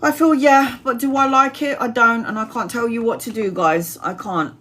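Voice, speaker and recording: A woman's voice: on the high side, lively intonation, moderate pace, pushed and bright, a little hiss or hum. A woman, giving a live-stream tarot reading in a chatty, blunt way and laughing often. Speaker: tarot reader.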